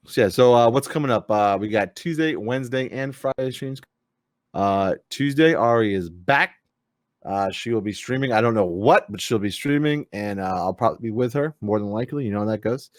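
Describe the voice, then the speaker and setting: A man's voice: mid-range voice, lively intonation, moderate pace, no echo, studio quality. A man hosting a live-streamed gaming talk show, chatting loosely with lots of fillers and the odd swear word. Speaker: podcast host. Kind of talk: casual live-stream chat.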